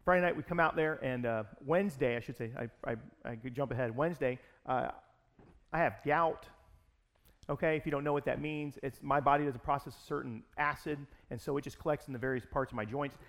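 A pastor telling a personal story in a sermon, in an animated, conversational way. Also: male voice, medium pitch, a little fast.

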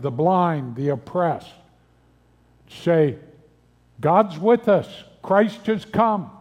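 An older male pastor preaching a sermon, earnest and measured, asking rhetorical questions of his listeners. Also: sits high, darkish tone, big-room sound.

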